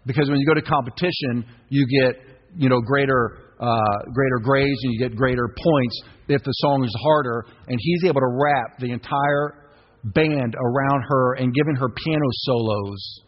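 A man's voice: medium pitch, moderate pace, a little hiss or hum. A middle-aged male pastor preaching a sermon, urging the congregation to repeat phrases back to him. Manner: exhorting, call-and-response with congregation. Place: church sanctuary. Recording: dull reverberant church recording.

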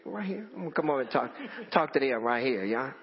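A man preaching a storytelling sermon to a congregation, animated and repeating phrases for emphasis. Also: mid-range voice, quick pace, a crowd in the background. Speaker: pastor. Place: church in front of a congregation. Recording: dull lo-fi audio with long hall reverb.

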